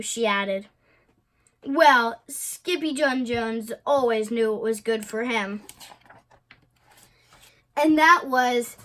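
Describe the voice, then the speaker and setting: A woman reading a children's picture book aloud in an expressive way. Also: high-pitched. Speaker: storybook reader.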